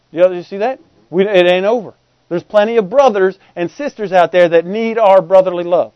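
Man, middle-aged, pastor, conversational sermon, high-pitched, muffled dry recording. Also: no echo. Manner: folksy, conversational preaching with asides to the congregation.

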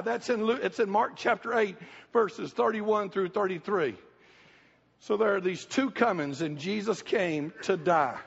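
High, gravelly preacher. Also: male voice, measured pace. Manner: folksy, emphatic, repeats key phrases. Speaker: pastor. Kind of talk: sermon. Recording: reverberant church hall, dull lo-fi sound.

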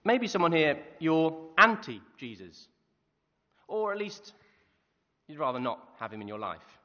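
In a muffled, echoing church hall recording, a man delivers a sermon in a slightly high voice, speaking a little slowly. His delivery is lively, mixing stories with rhetorical questions aimed at the congregation.

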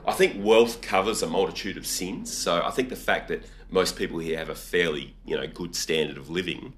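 Deep-voiced podcast host. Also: male voice, normal speed, a bit bright. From Australia. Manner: chatty, thinking aloud with frequent restarts. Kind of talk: casual conversational interview.

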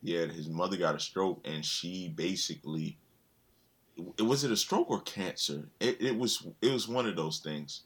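A man with a fairly low voice, chatting casually as co-host. He tells stories in an animated way, full of slang and swearing. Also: moderate pace, husky. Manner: animated storytelling, profane slang. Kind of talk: casual chat.

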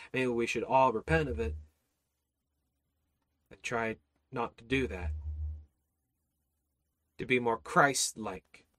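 A man's voice: medium pitch, a bit bright, no room sound. A man teaching an informal Bible study, exhorting his listeners with rhetorical questions, repeated phrases and frequent restarts. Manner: many restarts and repeated words.

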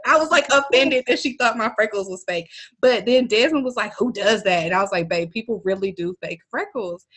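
Lively woman from Milwaukee. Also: medium pitch, fairly quick, husky. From Milwaukee, Wisconsin. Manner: lively storyteller, animated quotes. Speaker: podcast co-host. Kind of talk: casual chat. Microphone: phone or remote line.

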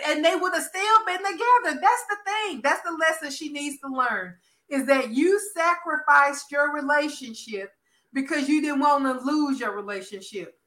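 Bright-voiced, blunt woman. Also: high-pitched. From American South. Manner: blunt, profane and animated, with drawn-out emphasis. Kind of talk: casual chat recapping a soap opera.

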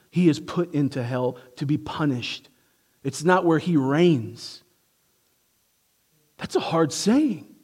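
A man preaching a sermon, emphatic and swinging from hushed to forceful, who asks his congregation rhetorical questions. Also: mid-range voice, breathy edge.

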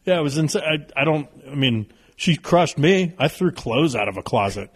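A man in his thirties, a podcast guest telling stories in a casual, animated way, swearing freely. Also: a little high, moderate pace, slightly rough. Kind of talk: casual storytelling.

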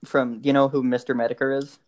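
A man's voice: mid-range voice, flat delivery, brisk, darkish tone. A young man in casual chat, telling a rambling story with many restarts and frequent laughs.

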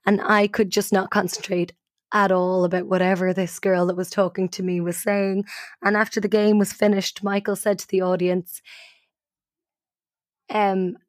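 A woman co-host telling a personal story with animated, self-mocking energy. Her pitch is mid-range for a woman, and the recording is close and dry with no room sound. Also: normal speed, dry recording. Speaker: podcast co-host. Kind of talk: casual storytelling.

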